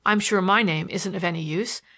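A woman reading a storybook, voicing a bold young gentleman who talks with confident, teasing assurance. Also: lowish voice, fairly quick. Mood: earnest. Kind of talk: audiobook character voice.

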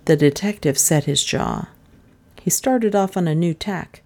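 A woman reading a mystery novel aloud as the narrator, steady and even. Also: on the low side, unhurried, gravelly. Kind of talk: audiobook narration.

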